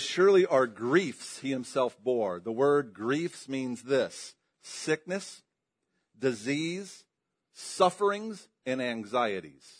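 A man preaching a sermon, swinging between loud emphatic lines and low quiet ones, putting questions to his congregation. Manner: emphatic, rising and dropping in pitch and volume.

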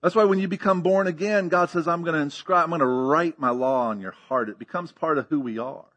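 A man's voice: fairly high pitch, a little fast, a bit bright. A man preaching a sermon as pastor, teaching emphatically with rhetorical questions and frequent checks of "okay?".

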